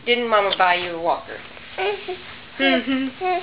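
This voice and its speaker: A woman's voice: fairly high pitch, expressive, unhurried, long pauses. A mother talking to her baby in coaxing, teasing baby talk on a home video. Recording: dull lo-fi home video with background noise.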